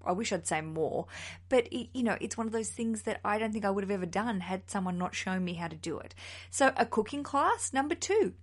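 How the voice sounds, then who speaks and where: A woman, hosting a casual solo podcast in a chatty, animated, self-mocking way. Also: medium pitch, brisk. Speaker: podcast host.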